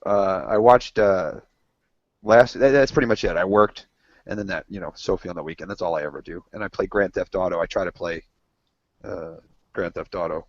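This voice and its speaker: A deep-voiced man co-hosts a casual podcast with friends, talking briskly as he rambles through stories, swears freely, and acts out what people said. The lo-fi audio sounds dull, with no room sound.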